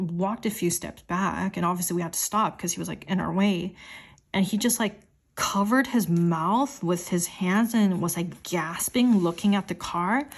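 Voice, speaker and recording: A woman's voice: fairly low pitch, vocal fry, a little mellow. A young woman chatting in a voiceover while she sets up a planner, rambling and filling her sentences with "like". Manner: rambling, says "like" constantly; quotes her partner in a raised voice. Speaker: planner vlogger.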